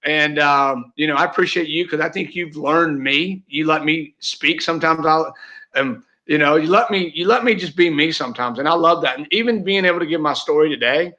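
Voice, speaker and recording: A man's voice: fairly high pitch, fairly quick, bright, forceful tone. A man, a guest in a casual interview, talking in a heartfelt, rambling way with many fillers and restarts. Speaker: real estate team leader, guest. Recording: dull lo-fi audio.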